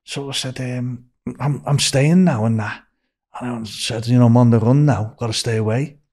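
An older Liverpudlian, with the accent of his home city in England, wanders through a story on a podcast as a guest, raising his voice higher for quoted lines. He talks at a moderate pace with a slightly mellow quality.

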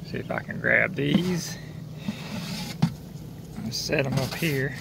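A man's voice: mid-range voice, takes it slowly, creaky. A man, casually narrating his camping vlog and talking to viewers at a wooded campsite. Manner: easygoing, talks to viewers as guys. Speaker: camping vlogger. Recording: noisy outdoor camcorder audio.

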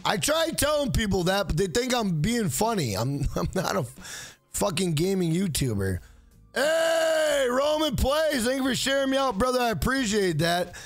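Brief: cursing streamer guy, very high animated voice, dry mic. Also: moderate pace, no echo, faint music behind. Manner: loud, profane, joking, reads chat aloud. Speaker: livestream host. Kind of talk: casual livestream chat.

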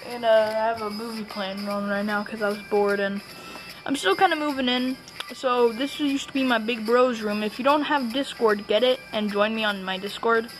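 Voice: mid-range voice, steady tone, moderate pace, over music, rough recording. A young host chatting casually and rambling in a bedroom, with a camera set on a tripod. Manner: rambling, playful, full of fillers. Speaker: channel host. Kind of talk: casual home vlog. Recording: movie sound playing behind.

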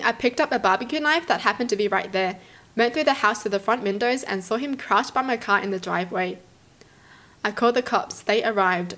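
A young woman from Australia, hosting and reading stories aloud, then reacting to them with animated exclamations. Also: mid-range voice. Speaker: host.

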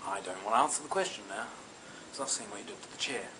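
A man's voice: on the low side, expressive, quick pace, background noise, pitched below the performer's own voice, close to an everyday voice. A man voicing a fretful, gossiping male magic mirror in a told comic fairy tale. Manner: nervous, peacekeeping.

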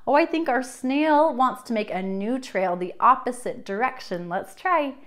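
High, animated woman teaching kids music. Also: unhurried. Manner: animated, sing-song, gasps and playful prompts to children. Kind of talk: kids' music lesson with songs.

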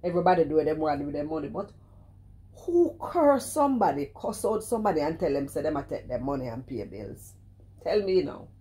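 Scolding Jamaican woman with a deep voice. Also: quick pace. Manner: animated, scolding, repeats herself, exclaims "cheese and crime". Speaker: vlogger commenting on another streamer. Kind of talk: casual commentary chat.

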